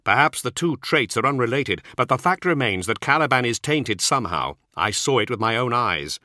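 A man voicing a stern, earnest warrior-monk who argues his case in a measured, insistent way. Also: medium pitch, animated, bright, forceful tone, no echo, studio quality, pitched above the performer's own voice.

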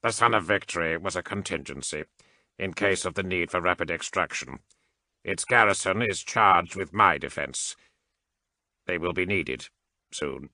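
Cold mechanized male cyborg priest, voiced by a male narrator; very deep, sharp edge, calculating. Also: dry recording. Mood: cold, detached. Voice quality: flat mechanical delivery. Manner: measured, clipped, unhurried formal speech. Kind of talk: audiobook character reading.

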